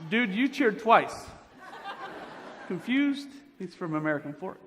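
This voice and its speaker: A man emceeing a pageant, joking playfully and quizzing the audience as he warms up the crowd. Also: high voice, big pitch swings, a little slow. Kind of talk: crowd warm-up banter. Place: large indoor auditorium. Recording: reverberant hall with crowd noise.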